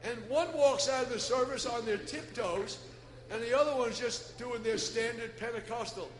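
A man preaching a Pentecostal sermon in a folksy way, swinging between loud shouting and soft asides. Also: very high-pitched, moderate pace, background noise. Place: church. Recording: echoey church hall with ambience.

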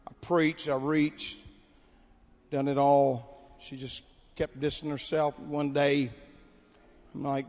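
A pastor preaching a camp meeting sermon. He tells a story in a quiet, conversational way. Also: fairly high pitch, little pitch movement, takes it slowly. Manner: builds to shouted preaching, then drops to quiet storytelling. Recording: long hall reverb.

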